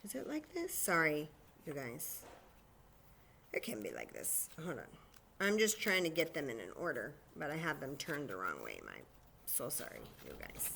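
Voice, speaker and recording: Bright-voiced children's librarian at story time. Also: female voice, low-pitched, gravelly, a little hiss or hum. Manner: animated, speaks slowly and simply to young children.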